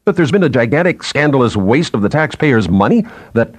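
Man doing a blunt male journalist, pressing questions, low husky voice. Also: big pitch swings, moderate pace, a little mellow, no room sound. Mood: incredulous.

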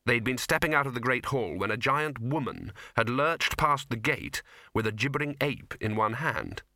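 A man narrates a comic fantasy audiobook with a bright, forward tone. The sound is dry and close, with no room around it. He tells the story in a wry, deadpan way. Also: medium pitch, moderate pace, dry recording. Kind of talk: scripted narration.

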